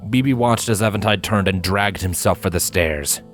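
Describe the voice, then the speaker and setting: A man reading fanfiction aloud in an expressive storytelling manner. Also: low-pitched, normal speed. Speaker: fanfiction reader. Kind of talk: audiobook narration. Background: faint guitar music.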